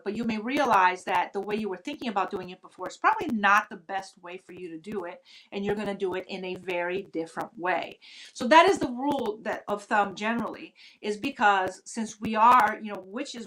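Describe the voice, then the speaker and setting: Woman, mid-range pitch, earnest conversational teacher of witchcraft. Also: fairly bright tone, low-quality recording. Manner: earnest, conversational, many "you know" asides. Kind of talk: casual spoken teaching.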